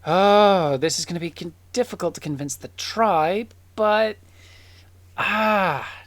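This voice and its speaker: Woman playing a jumpy bookish gal in glasses, stammers, low voice for a woman. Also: takes it slowly. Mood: flustered. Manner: flustered, stammering. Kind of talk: tabletop role-play in character.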